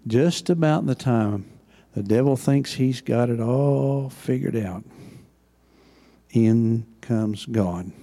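An older man, preaching a sermon as pastor with passion and swings between loud and hushed delivery. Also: mid-range voice, slow pace, vocal fry.

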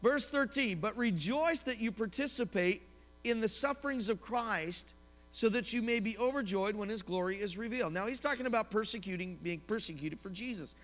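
A high-pitched, bright-toned pastor preaching a lively sermon. He tells personal stories and puts questions to his listeners. His voice carries a long reverb, as if in a large church sanctuary. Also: moderate pace. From Oklahoma, US.

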